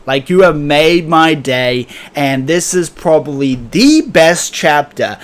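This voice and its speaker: A young man recapping a comic chapter casually, excitable and profane, thick with fillers and laughter. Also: fairly high pitch. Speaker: manga reviewer.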